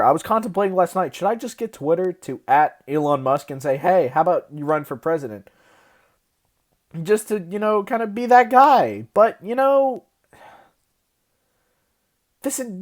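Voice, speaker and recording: A woman's voice: medium pitch, a little mellow. A young woman in a profane, agitated casual rant, worked up and hysterical, recorded on a phone. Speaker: vlogger.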